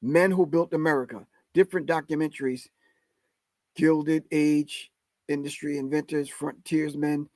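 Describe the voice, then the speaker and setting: A man's voice: on the high side, fairly even intonation, measured pace, a little mellow, dry recording. A middle-aged man hosting a live stream, giving emphatic, preachy commentary and calling his audience family. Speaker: host.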